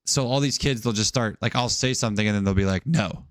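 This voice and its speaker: Rambling lower-voiced man, dry close mic. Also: fast talker, clear, resonant tone, no room sound. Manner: rambling, storytelling with acted quotes and frequent "like". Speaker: podcast co-host. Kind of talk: casual chat.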